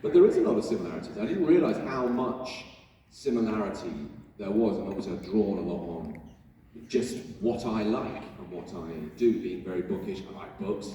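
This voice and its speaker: A man's voice: on the low side, expressive, a little fast, warm tone, a little hiss or hum. A man answering questions on a convention panel, playful and self-mocking, telling anecdotes and laughing often. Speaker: actor, guest on a convention panel. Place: large convention hall with audience. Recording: echoey convention hall from far off.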